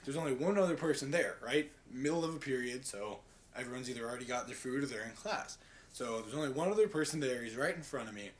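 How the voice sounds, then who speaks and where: A young man telling a story in a casual devotional talk, rambling along with lots of "like" and "right?". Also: medium pitch. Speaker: student giving a devotional.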